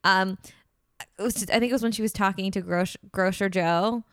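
A young woman co-hosting a casual podcast, talking things through in an easy, analytical way. Her voice is smooth and clear at a middle pitch, recorded close and dry. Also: steady tone, normal speed, fairly bright tone, dry recording. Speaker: podcast co-host. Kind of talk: casual chat about a reality show.

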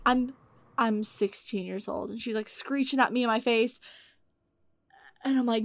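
A young woman casually telling a story in animated, profane bursts, acting out the voices she quotes. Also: fairly high pitch, normal speed, long pauses, no echo, clean studio sound. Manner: animated, swearing, acts out quotes. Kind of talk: casual chat.

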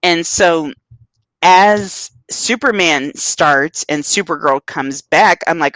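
A podcast co-host gossiping about celebrity news in casual chat, animated and quick to laugh. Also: mid-range voice, no echo. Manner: animated gossiping with frequent laughs and playful voices. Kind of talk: casual pop-culture chat.

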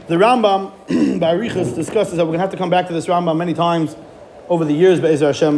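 A man giving a Torah class, animated, with rhetorical questions and frequent restarts. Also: a little high, slight background noise. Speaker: Torah teacher.

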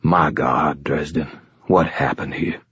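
Audiobook figure: rattled young male cop, husky and tense, male narrator putting him on, dry lo-fi sound. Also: extremely low pitch, fairly even intonation, slow pace, a bit bright, dry recording, exaggerated voice. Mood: stunned. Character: frightened young male police officer, shaken. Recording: dull lo-fi dry recording.

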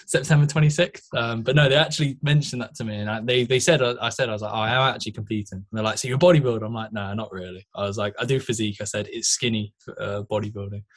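A man's voice: lowish voice, steady tone, quick pace, few pauses. A man, co-hosting a casual podcast and telling stories with frequent laughs. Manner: chatty storyteller, laughs often, says "mate". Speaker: podcast co-host, physique competitor.

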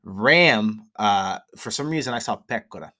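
A young man with a somewhat low voice tells stories in loose, profane podcast chat. He gets animated as he goes, acting out other people with sudden loud shouts. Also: a little slow. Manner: animated storyteller, swears a lot, shouts in impressions. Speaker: podcast co-host. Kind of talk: casual chat.

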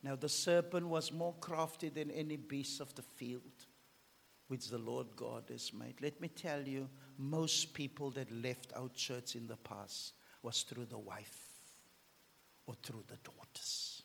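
A man preaching a fiery sermon as pastor, swinging between shouts and hushed whispers. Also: mid-range voice, slow pace, vocal fry, slight background noise. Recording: long hall reverb.

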